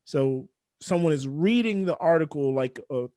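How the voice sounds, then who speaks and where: A man co-hosting a casual podcast, telling a story in a rambling way with many pauses. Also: fairly high pitch, lively intonation, mellow, no room sound, studio quality. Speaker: podcast co-host.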